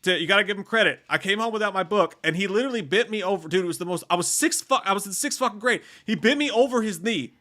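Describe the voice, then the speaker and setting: A man in casual chat, rambling through profane anecdotes. His voice is bright and forceful, and it sits slightly high. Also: lively intonation, fast talker, hardly any pauses. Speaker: podcast co-host.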